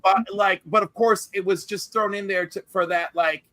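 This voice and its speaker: A man with a very high, bright voice talks eagerly in a casual podcast chat. The sound is close and dry, with no room around it. He leans on fillers as he goes. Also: steady tone, normal speed, dry recording. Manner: enthusiastic, talks with many fillers.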